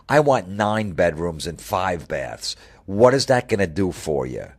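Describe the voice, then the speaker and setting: A radio host with a very low voice launches into a heated monologue. He swears freely and piles on sarcasm as he mocks the people he is ranting about.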